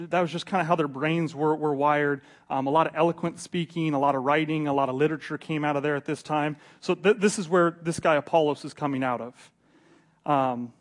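A man teaching a casual Bible study, chatty and joking. He often repeats his words and acts out the scenes he describes. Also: fairly high pitch.

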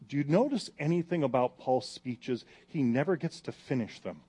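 A man preaching a sermon, reading scripture loudly and then dropping to hushed, pleading asides. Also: medium pitch, moderate pace, hardly any pauses, breathy edge. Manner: animated, swings from loud reading to hushed pleading. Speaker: pastor.

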